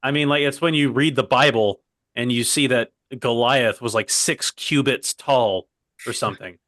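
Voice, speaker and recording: A young co-host of a comedy podcast rambles through casual chat, drifting into side tracks and repeatedly saying "by the way." His mid-range voice is a bit bright at a moderate pace, and the sound is close and dry with no room echo.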